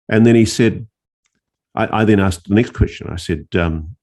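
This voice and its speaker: A male journalist telling a story in casual conversation, animated and often restarting his phrases. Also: fairly low pitch, normal speed. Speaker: investigative journalist, interview guest.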